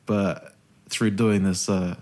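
A man's voice: low-pitched, slow pace. A radio host telling stories in a casual interview, swearing freely and acting out the people he quotes. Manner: animated storyteller, swears freely, acts out quoted voices.

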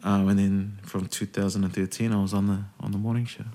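A man's voice: fairly low pitch, a little fast. A radio host telling stories in a casual interview, swearing freely and acting out the people he quotes. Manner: animated storyteller, swears freely, acts out quoted voices.

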